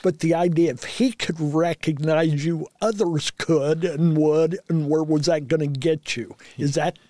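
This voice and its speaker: A male podcast host asking questions in a gentle, deliberate way. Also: on the high side, steady tone. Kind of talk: interview questions.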